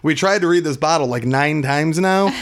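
Gravelly, chatty man podcasting. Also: fairly high pitch, moderate pace. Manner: chatty, enthusiastic, self-deprecating. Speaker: podcast co-host. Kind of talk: casual chat, whiskey tasting. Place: small dim podcast room.

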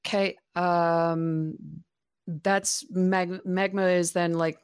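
A woman's voice: lowish voice, level tone, slow, a little mellow, clean tone, dry recording, clean studio sound. A woman playing a tabletop game, hesitant and full of fillers as she describes her character's actions. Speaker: player.

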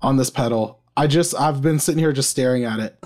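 A man co-hosting a casual podcast, excitable and jokey, laughing often. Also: mid-range voice, a little fast. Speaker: podcast co-host. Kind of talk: casual chat.

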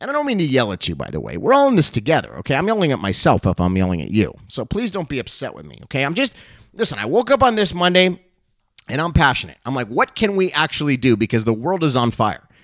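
A man's voice: medium pitch, huge pitch swings, quick pace, dry recording. A middle-aged male pastor and show host giving an urgent, impassioned monologue that turns into fervent prayer.

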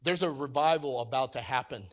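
A man preaching a sermon, energetic and emphatic, swinging from loud exclamations to quiet asides and acting out quoted lines. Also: mid-range voice, fairly quick. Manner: acts out quoted voices and jokes with the congregation. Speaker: pastor.

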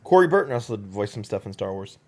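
A man's voice: on the low side, big pitch swings, fast talker, darkish tone, breathy edge. Dry-humored male podcast co-host. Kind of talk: casual film review chat.

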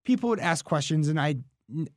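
A man's voice: a little high, animated, a little fast, no echo. A man co-hosting a casual radio food show, rambling and correcting himself with dry humor, recorded on a studio mic. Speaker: co-host. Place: small podcast studio.

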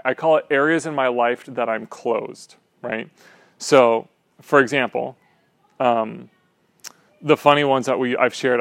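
A man delivers a sermon like a friendly chat, tossing in "right?" and playful asides. His voice sits in an ordinary middle pitch. The sound is dry and close. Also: a bit bright, dry recording. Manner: conversational, repeats "right?" often. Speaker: teacher.

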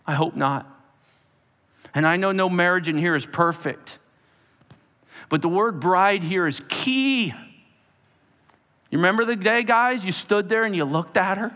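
A man's voice: sits high, unhurried, pauses often, bright, forceful tone. A man preaching a sermon, emphatic and speaking straight to the congregation. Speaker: pastor. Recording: long hall reverb.

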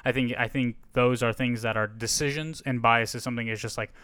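A man's voice: medium pitch, steady tone, fairly quick, a bit bright, no room sound. A man hosting a podcast, giving a casual, rambling and frank movie review on a close mic. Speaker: podcast host.

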